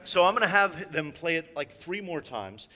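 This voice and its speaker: In a big hall with long reverb, an illusionist presents on stage in a bright, slightly high, expressive voice at a moderate pace. He chats wryly and speaks directly to the crowd, dropping in frequent asides.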